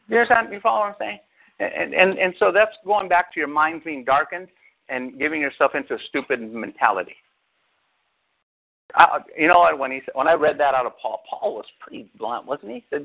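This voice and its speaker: Male pastor, lively and fairly high-pitched, casual sermon, phone-line sound. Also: brisk. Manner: animated, quotes scripture in excited raised voice, asks listeners questions.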